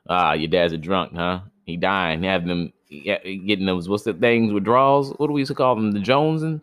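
A man's voice: sits low, brisk, dry recording, studio quality. A man hosting a podcast, reading a myth aloud and stopping for joking, slangy asides, stumbling over names. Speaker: podcast host reading myths. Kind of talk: myth reading with casual commentary.

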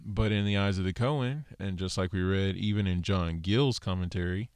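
A man's voice: sits low, normal speed, a little mellow, no room sound. A man teaching a casual scripture lesson, walking through Hebrew word studies with lots of "so" and "okay.". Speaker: Bible teacher.

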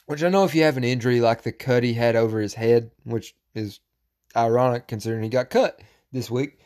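A man's voice: mid-range voice, brisk. Profane ranting male podcast host. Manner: profane, ranting, loud and animated. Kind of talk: casual podcast talk.

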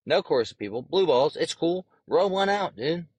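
A man's voice: a little high, expressive, moderate pace, darkish tone, slightly rough, no echo, low-quality recording. A young man hosting a casual solo podcast, talking in a brash, profane and rambling way. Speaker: podcast host.

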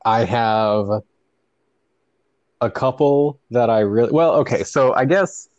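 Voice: mid-range voice, takes it slowly, darkish tone, dry recording, lo-fi sound. A co-host in a casual chat who rambles, hunts for words and jokes around. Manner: rambling, loses words, jokey. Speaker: podcast co-host.

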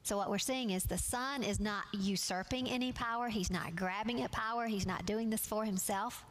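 A woman teaching a Bible study class from slides. She speaks in a measured, earnest way and leans on key words. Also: mid-range voice, a little hiss or hum.

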